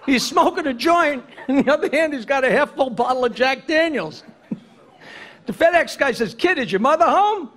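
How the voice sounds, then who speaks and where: A man's voice: very high-pitched, animated, normal speed, a bit bright. A middle-aged man doing stand-up on a comedy club stage, firing off jokes and cracking up at his own punchlines. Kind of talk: stand-up joke telling.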